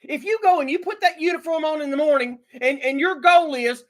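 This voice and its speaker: A woman's voice: high voice, a little fast. A woman hosting a livestream, ranting with anger and indignation, repeating herself and stumbling over restarts. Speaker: livestream host. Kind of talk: ranting live commentary.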